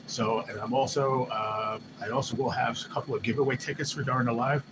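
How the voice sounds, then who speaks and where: Male streamer, casual hype chatter, middling pitch, audible hum behind the voice. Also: brisk. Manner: loose, excitable, swears casually, quotes others in lifted voices. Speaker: livestream host. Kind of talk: casual live-stream chat. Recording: noisy background hum.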